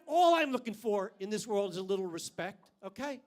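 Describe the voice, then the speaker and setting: A man's voice: sits high, lively intonation, fairly quick, darkish tone. An older man doing a stand-up comedy routine on a club stage with a handheld mic, brash and profane, landing punchlines hard.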